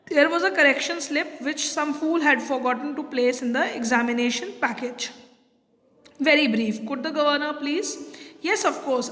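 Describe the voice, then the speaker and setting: A woman English teacher with a high voice walks through a textbook story. She reads a passage and then retells it in plain words, pausing on fillers. A long reverb hangs behind her voice. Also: fairly bright tone. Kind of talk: explaining a textbook chapter.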